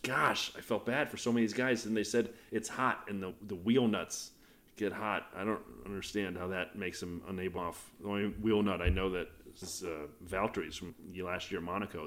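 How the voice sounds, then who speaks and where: A man's voice: sits low, fairly even intonation, normal speed, a bit bright. A man co-hosting a podcast, chatting casually through a race recap and jumping from moment to moment. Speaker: podcast co-host.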